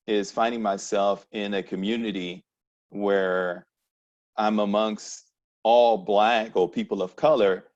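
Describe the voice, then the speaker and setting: A man with a Panamanian accent speaks at a town hall meeting, reflective and halting, often restarting his sentences. His voice sits fairly low. The sound is dull and lo-fi, like video call audio. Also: darkish tone.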